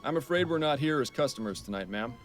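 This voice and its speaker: A serious, to-the-point detective, voiced by a man in a game. He speaks in a dry, measured, formal way at an ordinary pitch. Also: lively intonation, faint music behind, lightly acted.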